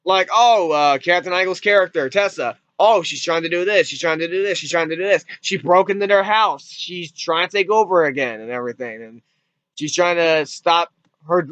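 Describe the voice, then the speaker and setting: A man's voice: fairly high pitch, normal speed, a bit bright, clear, resonant tone, no room sound, lo-fi sound. A man giving a casual spoken movie review, rambling and repeating himself, with casual swearing.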